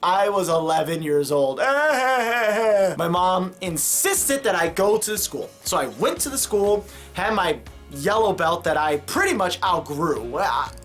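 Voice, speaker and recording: A man's voice: high-pitched, big pitch swings, a little slow, a bit bright, faint music behind. A young man from Chicago talking to camera in a casual vlog, jokey and rambling, with many fillers and self-mocking asides. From Chicago, United States. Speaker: vlogger.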